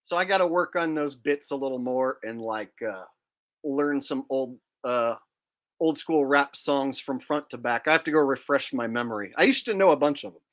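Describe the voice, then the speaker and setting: A man's voice: medium pitch, moderate pace, a bit bright. Casual streamer: a man who jokes around and rambles through viewer comments. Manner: joking, rambling, reads out chat comments. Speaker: livestream host. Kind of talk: casual livestream chat.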